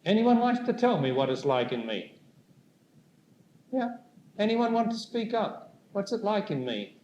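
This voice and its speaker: Slow, lively-pitched man in an echoey hall. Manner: slow, deliberate, questioning the audience. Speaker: spiritual teacher. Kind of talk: live talk to an audience. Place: hall with a live audience. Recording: echoey room with faint noise.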